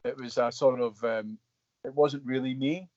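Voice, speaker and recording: A middle-aged Scottish man, an actor guest, telling stories in an animated, rambling way with many restarts. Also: mid-range voice, moderate pace, dry recording, highs cut off. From Scotland. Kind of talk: casual storytelling interview.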